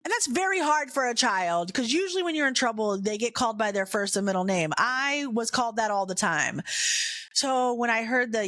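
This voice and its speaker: A woman podcast host telling a candid, humorous personal story in an animated way. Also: a little high, a little fast, no echo, studio quality.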